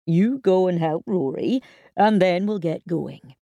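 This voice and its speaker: A woman voicing a patient, gentle older father who speaks reassuringly. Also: low-pitched, unhurried, vocal fry, slightly rough, no room sound, muffled recording, exaggerated voice.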